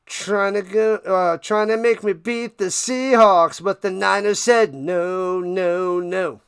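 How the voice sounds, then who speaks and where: A man's voice: high voice, unhurried, vocal fry, fairly bright tone, clean tone, no echo, clean studio sound. A man hosting a casual live stream, calling football play by play in a playful, hyped way while chatting with viewers. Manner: playful, hyped, talks to chat, sings and riffs.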